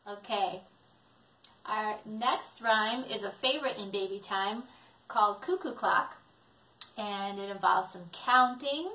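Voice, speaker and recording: A woman librarian leading babies and caregivers through songs and rhymes, gentle and encouraging in a sing-song manner. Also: mid-range voice. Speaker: children's librarian leading baby time. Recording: echoey room, distant mic.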